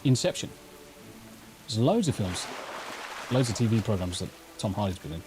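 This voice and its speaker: An English man streaming live gameplay, chatting casually in a rambling, sweary way into a desk mic through a mixer. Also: lowish voice.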